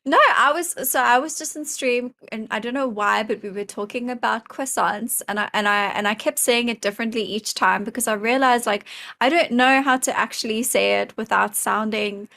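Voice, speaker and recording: A woman's voice: on the high side, moderate pace, creaky, bright, forceful tone, no echo. A woman appearing as a podcast guest, chatting in a laid-back and amused way. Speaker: streamer guest. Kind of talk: casual interview chat.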